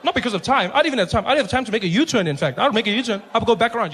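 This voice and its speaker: A man's voice: extremely high pitch, racing, noisy background. A man from South Africa with a South African accent, performing stand-up and switching animatedly between characters. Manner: animated, swings between characters and loud asides. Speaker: stand-up comedian. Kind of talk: stand-up comedy.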